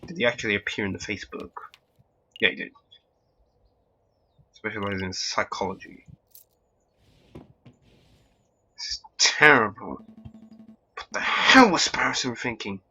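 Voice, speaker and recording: A man giving casual game commentary and reading lines, with a wry, deadpan manner. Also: fairly low pitch, a little slow, long pauses, husky. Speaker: let's play host. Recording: dull lo-fi recording.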